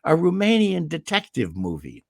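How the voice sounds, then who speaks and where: An older man, a veteran voice actor, telling stories in an interview with lively delivery and a throat he keeps clearing. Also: a little high, moderate pace, dry recording. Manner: animated anecdotal delivery with restarts. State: throat irritated, clearing it often. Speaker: voice actor guest. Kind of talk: interview storytelling. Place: home in California.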